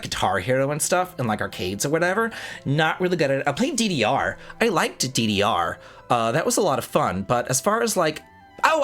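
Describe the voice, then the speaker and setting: Animated man hosting a gaming news show. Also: fairly high pitch. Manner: jokey, self-mocking, stumbles over names. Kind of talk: casual news roundup with asides.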